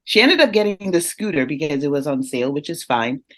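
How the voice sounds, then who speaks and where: A woman's voice: low-pitched, brisk. A woman who is a guest speaker on parenting, telling a family story in conversation, laughing often and speaking directly to listeners. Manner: animated, laughs often while telling stories.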